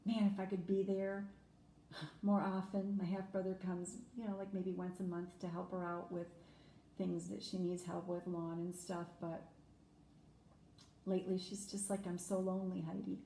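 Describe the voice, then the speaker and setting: A woman's voice: on the low side, little pitch movement, measured pace, warm tone. Earnest woman in an echoey room. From Germany. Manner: earnest, heartfelt, many fillers like you know. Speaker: vlogger. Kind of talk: personal reflective talk to camera. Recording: echoey room with faint noise.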